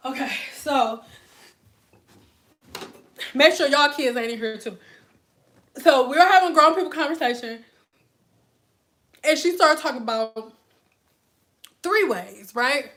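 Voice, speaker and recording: Bright-voiced young woman telling stories. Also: high voice, slow pace, long pauses. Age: young adult. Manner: animated, chatty, slangy, laughs often. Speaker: hair stylist. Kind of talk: casual storytelling vlog.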